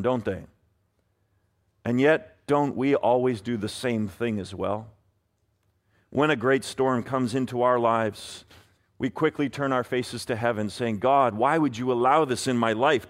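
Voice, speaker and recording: Earnest male preacher, slightly high voice. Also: moderate pace, fairly bright tone. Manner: earnest preaching, voicing prayers in a pleading tone. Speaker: pastor. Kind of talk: sermon.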